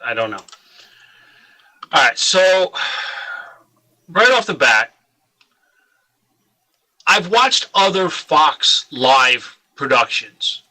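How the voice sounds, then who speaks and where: A man's voice: on the high side, very animated, very slow, long pauses, sharp tone, low-quality recording. A man co-hosting a casual podcast, speaking hesitantly with frequent restarts. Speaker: podcast co-host.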